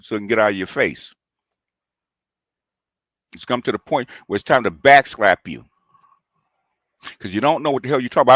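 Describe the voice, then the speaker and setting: Low-voiced guy going off on someone, combative and taunting, keeps saying okay, dry close sound. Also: fairly bright tone, no echo. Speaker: commentary channel host. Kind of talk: confrontational call-out rant.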